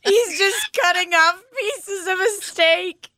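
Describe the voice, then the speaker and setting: A young woman hosts a podcast, trading crude jokes and laughing often. She talks slowly in a bright, slightly high voice. The sound is dry and close. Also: dry recording. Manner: crude, laughing, drawn-out delivery. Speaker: podcast host. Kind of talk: casual chat.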